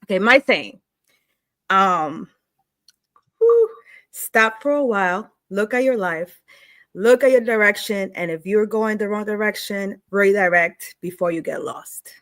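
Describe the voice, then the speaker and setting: A woman's voice: mid-range voice, expressive, a little slow, a bit bright. A woman co-hosting a live show, speaking in a heartfelt, emotional way. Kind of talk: casual live-show talk.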